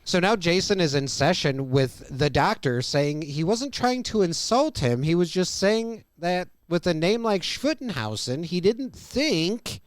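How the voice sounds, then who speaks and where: A man's voice: high-pitched, expressive, a little slow, hardly any pauses, dry recording, clean studio sound. A man co-hosting a podcast, recapping an episode's plot and quoting its lines. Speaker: podcast co-host.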